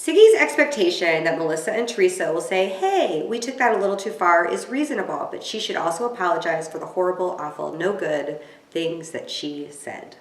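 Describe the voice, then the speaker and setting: Female vlogger recapping reality TV; casual and exclamatory, with wry asides; mid-range voice with a roomy echo. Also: mid-range voice. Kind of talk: casual commentary to camera.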